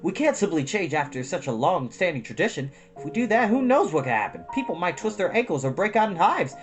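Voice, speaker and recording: A flustered, fretful town mayor pleading for help, as a woman reader plays him. His storybook voice wavers up and down, hushed one moment and begging the next. Guitar music runs clearly beneath him. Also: on the low side, very animated, brisk, voice pushed up. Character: fretful middle-aged male town mayor.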